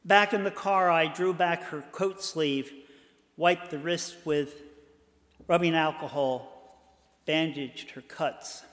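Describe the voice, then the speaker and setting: An older man from Boston tells a personal story in a fairly high voice. He speaks slowly and in a measured way, with dramatic pauses. His voice rings in a long hall reverb. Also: steady tone, a bit bright.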